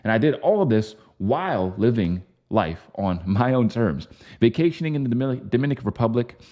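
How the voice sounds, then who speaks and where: A young man who works as a business coach, pitching his system in a fast, confident, sales-like way with frequent ums and uhs. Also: very animated, warm tone. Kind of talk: scripted-style pitch to camera.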